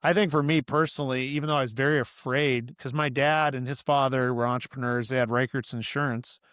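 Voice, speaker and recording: A man's voice: medium pitch, fairly even intonation, a little fast, a bit bright, clean tone, no room sound, studio quality. A middle-aged man talking as a podcast guest, earnest and rambling, with lots of "you know" and "like" as he explains his work as an author and coach. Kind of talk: casual interview conversation.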